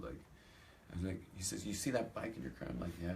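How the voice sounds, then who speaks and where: The man's voice sits low and carries vocal fry, moving at a quick pace over background noise. An American rabbi, he gives a storytelling talk to a live audience, acting out the dialogue of his funny anecdotes with animation.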